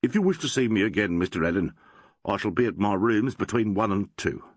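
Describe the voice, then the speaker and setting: A man voicing a proud, formal doctor in an audiobook, speaking emphatically with a husky voice. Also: on the low side, animated, brisk, no room sound. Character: proud, formal male doctor, quick to anger.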